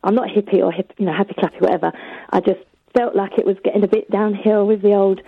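A cheery, giggly radio caller on a phone-in, keeping things upbeat. The voice is a little husky and comes through a dull phone line. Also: medium pitch, steady tone, fast talker, no echo. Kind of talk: phone-in call.

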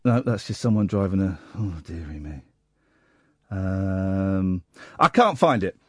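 A man's voice: deep voice, animated, measured pace, no room sound, clean studio sound. A man hosting a late-night radio phone-in, wry and teasing. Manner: wry, teasing, self-mocking. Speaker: radio host. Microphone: studio mic.

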